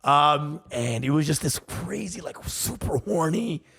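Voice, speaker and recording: A man's voice: fairly high pitch, lively intonation, unhurried, creaky, a bit bright, breathy edge. A man co-hosting a comedy podcast, telling rambling, profane stories and laughing often. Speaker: podcast co-host. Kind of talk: casual comedic chat.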